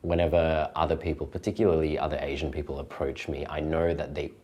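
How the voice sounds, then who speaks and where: Deep-voiced, joking young man. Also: little pitch movement, fast talker, mellow. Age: young adult. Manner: casual, joking, blunt. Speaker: interviewee. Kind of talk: candid testimonial.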